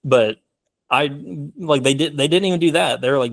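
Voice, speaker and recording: A man's voice: mid-range voice, moderate pace, creaky. A young man talking casually as a film guest in an interview, rambling with many fillers. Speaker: filmmaker guest.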